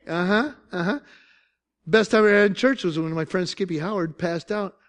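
An older man with an Upstate New York accent, preaching a lively, joking sermon as pastor. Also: on the high side, moderate pace. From Syracuse, New York. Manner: animated, joking storytelling with laughs.

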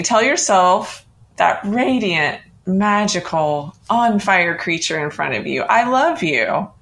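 A middle-aged woman hosting a podcast, gently and encouragingly guiding listeners through a self-love exercise. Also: mid-range voice, vocal fry. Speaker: podcast host.

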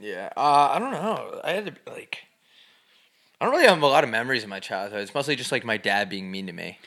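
A man's voice: medium pitch, very animated, a little fast, vocal fry, bright, forceful tone. A young man co-hosting a podcast, chatting casually and telling crude, rambling jokes with lots of fillers. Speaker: podcast co-host. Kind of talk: casual chat.

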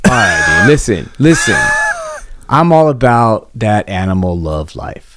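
A man co-hosting a casual podcast chat, excitable and profane, quick to riff. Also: lowish voice, slight background noise. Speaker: podcast co-host.

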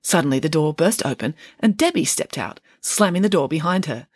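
Woman reading her kids book out loud, expressive, low-ish voice, dry close sound. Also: brisk, husky, no room sound. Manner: expressive, storyteller. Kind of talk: audiobook narration.

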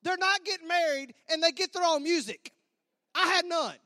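A man telling a comic story to an audience in a large hall, animated, repeating words and acting out sound effects. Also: very high-pitched, normal speed, clean studio sound. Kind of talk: stand-up storytelling to a church audience.

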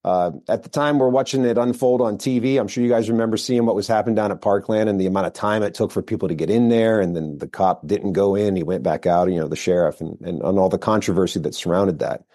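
An American man, middle-aged, a firearms instructor telling his story in a relaxed interview, rambling with fillers and restarts. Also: on the low side, quick pace, few pauses. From United States. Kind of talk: casual interview talk.

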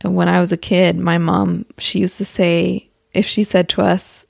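Woman podcast host, low gravelly voice, dry close sound, chatty and laughing. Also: level tone, normal speed, a little mellow, dry recording. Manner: chatty, laughs often, self-correcting. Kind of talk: casual spiritual monologue. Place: outdoors or near open window with birds.

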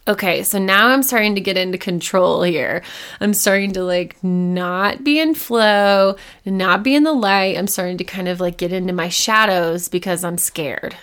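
A woman's voice: medium pitch, normal speed, fairly bright tone. A woman podcast host telling a personal story in a casual monologue, acting out her own past lines with big jumps in her voice.

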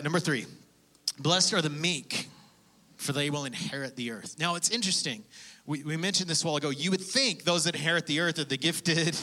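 Male pastor, sermon, high voice, bright tone, lively conversational preaching, laughs between points. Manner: animated, conversational preaching with laughs and acted-out prayers.

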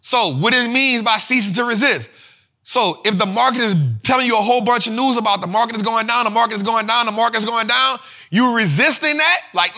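A man's voice: very high voice, fairly quick. A man hosting an investing show, teaching finance terms in a casual, slangy way with lots of repetition. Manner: slangy, repetitive, animated explaining.

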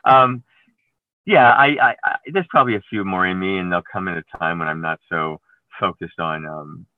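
A man, an actor, talking in an interview, telling stories with many halting restarts and trailing phrases. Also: sits low. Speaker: actor guest. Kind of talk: conversational interview. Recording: tinny phone-like line, dry.

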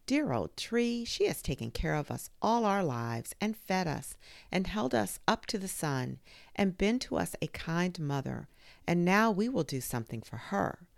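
A woman's voice: fairly low pitch, very animated, a little slow, creaky, no echo, clean studio sound, pitched above the performer's own voice, exaggerated voice. Woman doing tiny loving fallen leaves.

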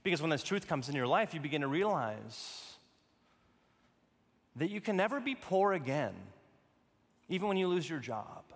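A man with a high voice preaches a sermon as pastor, piling up repeated phrases for emphasis. His voice rings with the long reverb of a church hall. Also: very animated, normal speed, pauses often.

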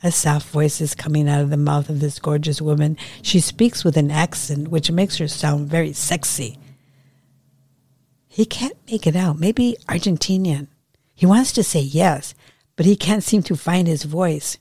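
Low, slow-reading woman author. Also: darkish tone, slightly rough, no room sound, clean studio sound. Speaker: podcast host and author. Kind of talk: reading her own short story aloud.

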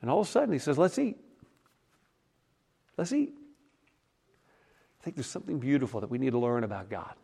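A man preaching a sermon as a pastor, retelling stories in a casual, conversational way and often dropping to a soft hush. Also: medium pitch, very animated, racing, creaky, few pauses, breathy edge.

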